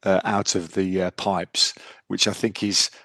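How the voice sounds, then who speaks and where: A man's voice: deep voice, level tone, measured pace, a bit bright, no room sound. A middle-aged man co-hosting a podcast, chatting casually and rambling with restarts. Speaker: podcast co-host. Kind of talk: casual chat.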